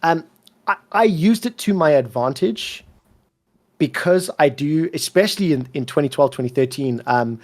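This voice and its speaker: A man with a soft, worn-down South African accent that drifts toward British, talking at a fairly high pitch. He tells his story bluntly and emphatically in a relaxed interview and swears freely. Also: normal speed. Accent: soft South African, mixed with British and American. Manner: emphatic, swears freely, repeats words when fired up. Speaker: esports commentator, interview guest.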